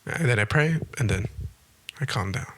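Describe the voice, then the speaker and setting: A man's voice: mid-range voice, lively intonation, normal speed. A young man hosting a podcast in a casual monologue, emphatic and repetitive, swearing freely. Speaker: podcast host.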